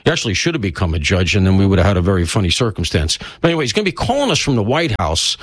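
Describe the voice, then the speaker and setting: An older man filling in as a talk-radio host delivers a casual, rambling, self-mocking monologue and sounds stuffy from allergies. His low-pitched voice is sing-song and racing, on a dry recording.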